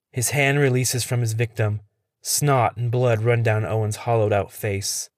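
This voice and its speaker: A man reading a first-person horror story in a steady, tense delivery. His voice sits low, and the sound is dry and close, with no room around it. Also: no echo.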